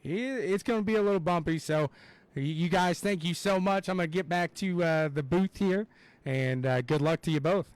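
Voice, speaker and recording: This is a young man calling a race live, his voice sitting a little high for a man. He talks in an excitable, rambling way, full of fillers and asides. The sound is dry and close, with no room echo. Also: moderate pace, clean tone. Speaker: race commentator. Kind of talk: live play-by-play commentary.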